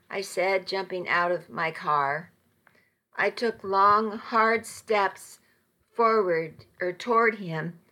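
A woman narrating a novel in the first person, measured and intimate. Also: mid-range voice, fairly bright tone. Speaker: audiobook narrator.

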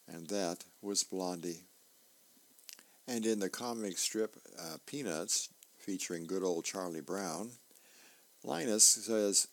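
Male radio host, reads comic strips aloud, descriptive, fillers, low voice, very slow.

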